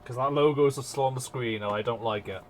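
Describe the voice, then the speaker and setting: A man's voice: medium pitch, fast talker, slight background noise. A man streaming live, chatting casually and self-mockingly with his viewers and swearing freely as he works.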